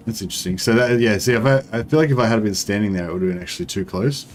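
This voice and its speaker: A man's voice: on the low side, rapid-fire, slight background noise. A man giving casual, rambling commentary as he plays a strategy game, with frequent ums and restarts. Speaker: gaming streamer.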